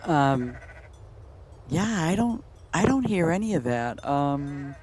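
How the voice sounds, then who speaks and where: A woman's voice: deep voice, big pitch swings, slow pace, a little mellow, slight background noise. A woman chatting casually while she streams a game, rambling from story to story and laughing often. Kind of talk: casual chat while playing. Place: home, in Boston.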